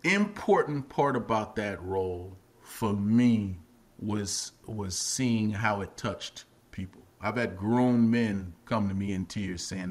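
A man's voice: fairly low pitch, takes it slowly. A middle-aged man, an actor and comedian guest, telling stories in a casual chat, acting out voices and laughing often. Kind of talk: animated storytelling in casual chat.

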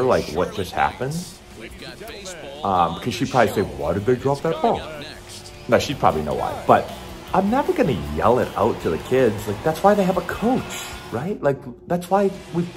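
A middle-aged man casually commentating on a baseball video game and coaching tips in a chatty, rambling way. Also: fairly low pitch. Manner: chatty, rambling, animated asides.

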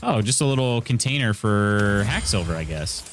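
A man's voice: on the low side, expressive, normal speed, a little hiss or hum. A man from central Illinois giving casual live commentary while streaming a game, thinking aloud and greeting his chat. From central Illinois, USA.

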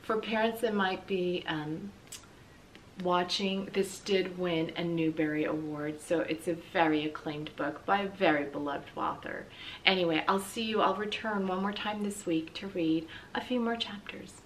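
A woman reading a children's book aloud as a substitute school librarian, expressive and speaking directly to the kids. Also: lowish voice, unhurried, far from the mic, slight background noise, poor audio.

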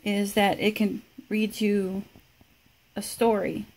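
Casual woman vlogger, slow and chatty, banters with a gadget. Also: mid-range voice, level tone, darkish tone. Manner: chatty, laughs often, talks to the device. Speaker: product reviewer. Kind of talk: casual home review vlog.

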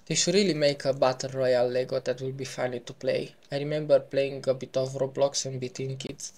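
A man giving casual gameplay commentary as a YouTuber, playful and excitable, throwing in silly sound effects. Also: medium pitch, fairly quick. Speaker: gaming YouTuber.

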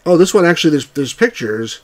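A man with a somewhat high voice hosts a let's-play of old computer games. He reads the on-screen prompts aloud in a steady voice, then breaks off into wry, grumbling asides as he plays. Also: fairly quick. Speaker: game reviewer and channel host.

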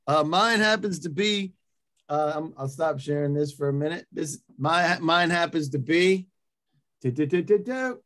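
A man hosting a webinar in a casual, upbeat way, reading out audience messages with quick asides over a video call. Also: on the high side, a bit bright. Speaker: webinar host.

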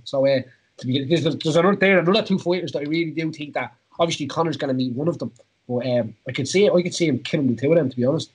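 A man's voice: a little high, slightly rough. An Irish man hosting a podcast in casual chat, rambling with many fillers and frequent laughs. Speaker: podcast host, former fighter.

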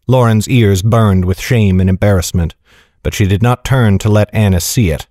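A man narrating a fantasy novel in a steady, even storytelling style. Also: on the low side, normal speed, dry recording, studio quality. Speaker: audiobook narrator.

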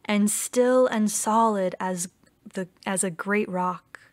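A woman reading the part of a wise, ancient female turtle, speaking slowly and gently. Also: mid-range voice, natural voice. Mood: solemn. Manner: slow, gentle and measured.

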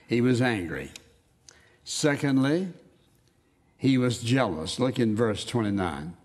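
A man's voice: medium pitch, lively intonation, darkish tone. Man preaching an emphatic sermon. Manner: emphatic, quotes scripture in slow dramatic readings.

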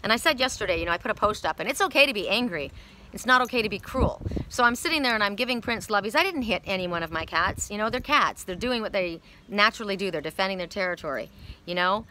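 A woman's voice: medium pitch, animated, quick pace, pushed and bright, slight background noise. A woman giving a casual spiritual card reading outdoors, talking in a rambling, candid, chatty way. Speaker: oracle card reader.

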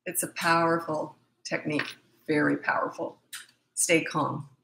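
A middle-aged woman coaching parents with a bright, forceful voice that sits a little low. She talks bluntly and with emphasis, slipping into quick acted exchanges between parent and child. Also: flat delivery, gravelly, a little hiss or hum, poor audio. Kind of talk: casual advice talk.

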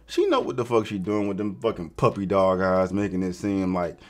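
A man's lowish voice, speaking. He rants in blunt reaction commentary, full of slang and swearing, as the host of his channel. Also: animated, fairly quick, a little mellow. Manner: blunt, profane, slangy ranting.

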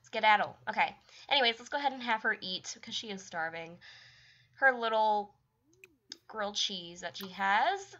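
A woman's voice: mid-range voice, expressive, normal speed, long pauses, pushed and bright, dull audio. A young woman narrating her life-sim game and scolding the characters in casual commentary, often exasperated. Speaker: gaming YouTuber. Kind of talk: let's play commentary.

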